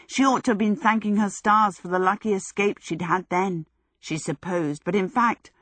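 A woman reading a story aloud in a measured, even way. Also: medium pitch, no room sound, clean studio sound. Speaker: narrator. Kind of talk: audiobook reading.

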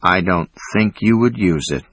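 Wounded, unhinged man, read by a male narrator: slow, calm, distant menace in a low husky voice. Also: dry recording, dull audio, heavily acted. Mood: menacing.

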